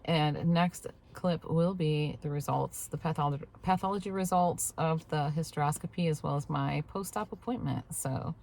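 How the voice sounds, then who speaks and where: Recorded on a clip-on mic in a parked truck, a post-menopausal woman in her fifties rambles through a casual vlog chat, laughing here and there. Her deep, creaky, slightly mellow voice moves at a moderate pace with hardly any pauses.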